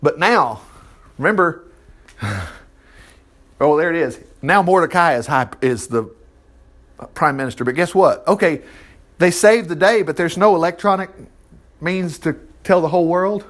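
A man preaching a sermon, reading scripture aloud and retelling it with animated asides. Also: a little high, measured pace, pauses often. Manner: animated storytelling with asides and laughter. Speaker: pastor.

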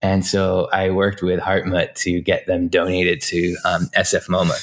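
A man's voice: deep voice, completely flat delivery, unhurried. A man in his forties, a guest in an interview, telling stories about his design career in a chatty, anecdotal way, full of fillers and restarts. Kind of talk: casual storytelling interview.

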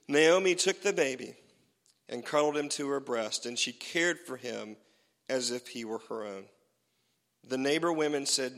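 Man, pastor, animated sermon storytelling, bright forceful voice, long church-hall reverb. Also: medium pitch, gravelly. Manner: animated storytelling preacher, swings loud and soft.

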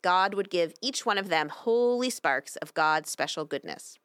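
Casting: woman rabbi, middle-aged, low-ish voice, sermon delivery, dry close sound. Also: a little slow, clear, resonant tone, dry recording. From Canada. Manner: storytelling, expressive voices for quoted angels. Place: synagogue sanctuary.

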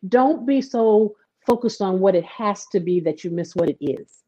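Woman guest, mother, lively storyteller; mellow, slightly dull recording. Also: mid-range voice, moderate pace. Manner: animated storyteller, acts out quotes. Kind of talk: casual conversation.

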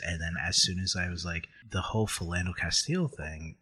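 Low, husky man telling a personal story. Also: brisk, bright, forceful tone. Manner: earnest, reflective, emotional at times.

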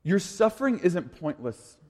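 A man in his thirties preaches to his congregation in a relaxed, chatty way. His voice sits a little high, and his energy drops for quiet asides and rises when he tells a story. The sound carries the long reverb of a large church sanctuary. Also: a little slow. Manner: casual, conversational, swings from quiet asides to animated storytelling. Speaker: pastor. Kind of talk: sermon.

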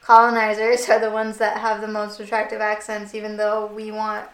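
A woman's voice: medium pitch, monotone, normal speed. Chatty young woman in an echoey room. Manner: chatty, fillers of "like". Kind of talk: casual chat.

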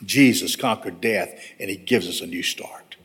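A man's voice: deep voice, moderate pace, a bit bright, slightly rough. A man, a pastor, preaching a storytelling sermon in a church and closing in earnest prayer. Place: church sanctuary.

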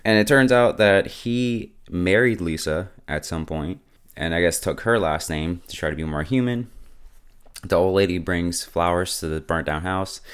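Male host, deep and smooth, slangy laid-back recap with frequent chuckles. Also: moderate pace. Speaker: show host. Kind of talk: casual episode recap.

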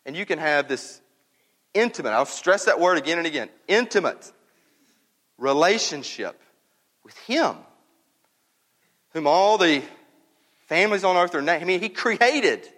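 A man's voice: fairly high pitch, animated, moderate pace, long pauses, fairly bright tone, long reverb tail. A male pastor preaching a sermon in a conversational, emphatic way, often repeating words for stress. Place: church.

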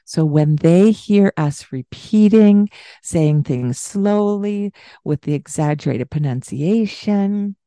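Slow, warm-toned woman host, breaks into sing-song baby talk for examples; dry close mic. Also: lowish voice, animated, no echo. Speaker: parenting podcast host. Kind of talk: casual explanatory chat.

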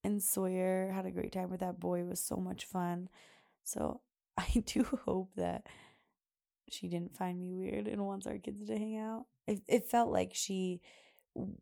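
A woman's voice: medium pitch, level tone, normal speed, creaky, dark tone. A young woman hosting a podcast, chatting casually and rambling with lots of laughs and filler words. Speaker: podcast host. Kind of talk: casual solo chat.

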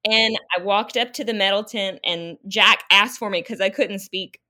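Woman, bright voice, emotional storytelling, animated retelling, video call. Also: mid-range voice, normal speed. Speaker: guest runner. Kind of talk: casual storytelling.

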